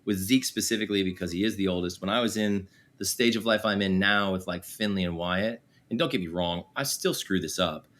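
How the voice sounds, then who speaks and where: A man in his forties with a lowish voice talks as a podcast guest. He speaks candidly and mocks himself, laughing easily and filling his talk with "you know" and "like". He tells it with loose, relaxed honesty. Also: fairly quick, hardly any pauses. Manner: candid, self-deprecating, laughs easily, many fillers. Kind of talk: casual candid conversation.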